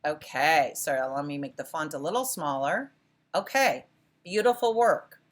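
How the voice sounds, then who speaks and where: A woman's voice: deep voice, unhurried. A woman instructor leading a class, encouraging her students and often praising and restarting her sentences. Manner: self-correcting restarts. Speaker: college philosophy instructor. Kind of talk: interactive class lecture.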